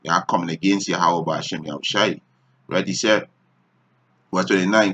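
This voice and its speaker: A man delivers a stern sermon in a somewhat low voice. He reads verses slowly, then breaks off to scold his hearers in plain talk. He keeps checking in with a repeated "you understand?". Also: a bit bright, rough recording. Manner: harsh, scolding. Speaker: street preacher.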